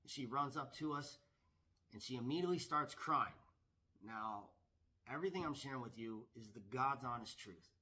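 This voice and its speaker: A man's voice: medium pitch, lively intonation, moderate pace, bright, forceful tone. A man, a professional gambler, telling a story to camera in an eager, boastful, repetitive way.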